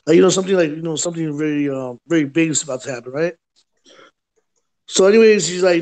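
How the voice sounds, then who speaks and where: A livestream host tells a story in casual chat, acting out quotes and often saying "right?" and "bro." His voice is fairly high, fast, and a little mellow.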